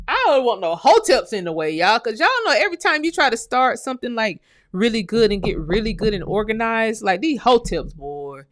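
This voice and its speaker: Blunt animated woman streaming to chat. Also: medium pitch, no echo, clean studio sound. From United States. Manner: blunt, animated, swears freely, addresses viewers as y'all. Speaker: livestream host. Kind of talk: casual livestream commentary reading chat.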